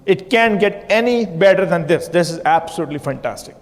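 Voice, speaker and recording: A man's voice: sits high, lively intonation, brisk. A man giving a motivational stage talk, repetitive and punchy, prodding the audience with questions. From India. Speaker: motivational speaker. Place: hotel conference hall. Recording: long hall reverb.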